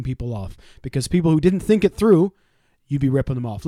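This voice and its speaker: A man's voice: mid-range voice, sing-song, mellow, dry recording, clean studio sound. A man co-hosting a podcast, telling profane, sarcastic stories and mimicking the people in them. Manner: profane, sarcastic, quick storytelling with mimicked voices. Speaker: podcast co-host. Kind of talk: casual storytelling chat.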